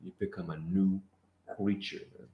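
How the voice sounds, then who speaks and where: Deep-voiced fiery preaching man, echoey. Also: fairly even intonation, moderate pace, muffled recording. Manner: emphatic, calls out prompts, tags lines with "man". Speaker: lead teacher of the class. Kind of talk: fiery street-preaching sermon. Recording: echoey room.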